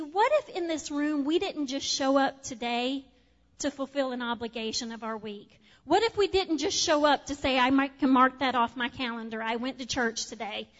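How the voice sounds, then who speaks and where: A middle-aged woman pastor preaching a sermon, earnest and heartfelt, swinging from loud to soft and hushed. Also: high-pitched, in a large hall, highs cut off. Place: church sanctuary.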